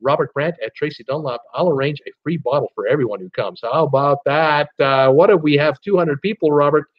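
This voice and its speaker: A man's voice: a little high, brisk. A man hosting a casual live stream, reading viewer comments aloud in a chatty way, with many fillers. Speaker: livestream host reading viewer chat. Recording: slightly dull lo-fi livestream audio.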